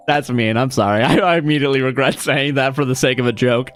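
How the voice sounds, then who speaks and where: A man's voice: medium pitch, normal speed, a bit bright, soft background music. A young man casually chatting on a live stream, ranting with a lot of swearing and laughing at his own jokes. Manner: profane, ranting, self-mocking, laughs often.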